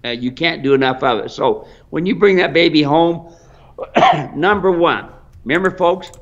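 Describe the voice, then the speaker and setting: A man's voice: on the high side, normal speed. A man with an American accent who owns a mule ranch, giving folksy training advice on a live stream and calling viewers folks. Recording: dull lo-fi live stream audio.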